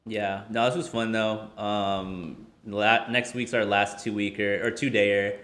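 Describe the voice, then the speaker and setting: A young man co-hosting a podcast, giving relaxed, wry commentary in casual chat. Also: on the low side, unhurried. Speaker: podcast co-host. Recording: roomy echo.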